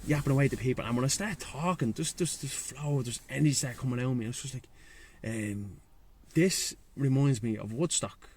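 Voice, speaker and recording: Dublin guy chatting by the sea, swears a lot, slangy and fired up, middle pitch. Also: brisk, a little mellow, breathy edge. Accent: Irish, Dublin. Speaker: guest, breathwork and sea-swim facilitator. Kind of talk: casual chat.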